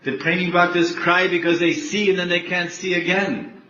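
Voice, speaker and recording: An older man, a spiritual teacher, giving a devotional lecture slowly, repeating words and laughing often. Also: high-pitched, little pitch movement, sharp tone. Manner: slow, repetitive, laughing often. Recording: echoey, dull, faint background noise.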